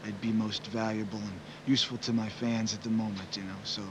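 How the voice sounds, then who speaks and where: A man's voice: lowish voice, flat delivery, fairly quick, noisy background. Musician guy in his 40s talking it through, loose and reflective, lots of you knows. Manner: rambling, reflective, many "you know" fillers. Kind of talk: casual interview answers.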